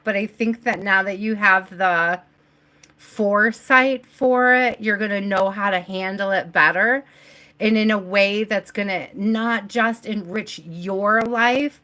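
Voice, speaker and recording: A woman speaks slowly and unhurriedly, her voice at an everyday middle pitch. She leads a live tarot reading, coaching her viewers softly and chatting warmly with them between cards. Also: rough recording. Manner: chatty and affectionate with viewers, laughs often; gentle spiritual coaching tone. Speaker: tarot reader.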